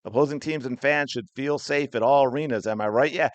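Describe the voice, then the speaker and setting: A man's voice: mid-range voice, brisk, no echo. A man hosting a sports podcast, delivering heated, indignant commentary in an angry rant. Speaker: podcast host.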